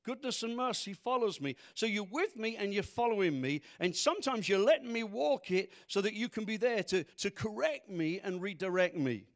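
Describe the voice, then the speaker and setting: A man's voice: high voice, lively intonation, moderate pace, hardly any pauses. A man preaching a sermon as pastor to a congregation, full of rhetorical questions. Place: church congregation.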